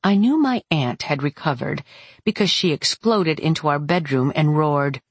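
A woman's voice: low voice, normal speed, slightly rough, no room sound. A woman narrating a first-person audiobook in a wry, matter-of-fact way on a close studio mic.

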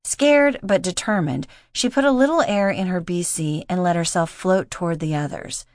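A woman narrating an audiobook in a steady, measured reading voice. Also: lowish voice, dry recording, clean studio sound. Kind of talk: scripted narration.

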